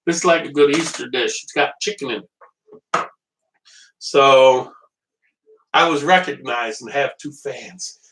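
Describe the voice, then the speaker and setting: A man's voice: medium pitch, slow, pauses often, a bit bright. Rambling, chatty man cooking live, off-mic. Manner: rambling, chatty, joking with viewers. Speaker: home cooking show host. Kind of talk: live-streamed cooking demonstration. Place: kitchen at a small portable stove. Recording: distant mic.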